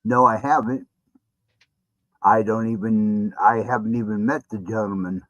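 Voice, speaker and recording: A man playing a tabletop game, speaking slowly and hesitantly. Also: lowish voice, fairly even intonation, a bit bright, no room sound, muffled recording. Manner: slow, hesitant. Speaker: player.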